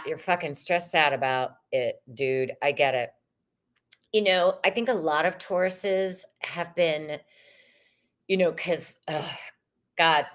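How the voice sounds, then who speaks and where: A woman's voice: on the low side, a bit bright. A woman hosting a live-stream tarot reading, talking casually and swearing freely as she reads viewers' questions aloud. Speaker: tarot reader.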